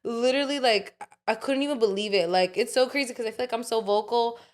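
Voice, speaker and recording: A woman's voice: on the high side, fast. A young woman co-hosting a podcast, chatting casually and telling a long story full of "like" and swearing. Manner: animated storyteller, swears freely, fillers like "like". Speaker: podcast co-host. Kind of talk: casual chat.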